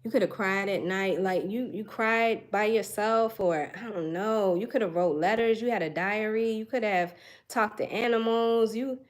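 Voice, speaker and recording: A woman's voice: mid-range voice, moderate pace. A young woman giving an intuitive tarot reading, musing and searching for words with frequent sighs, earnest and emotional. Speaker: tarot reader.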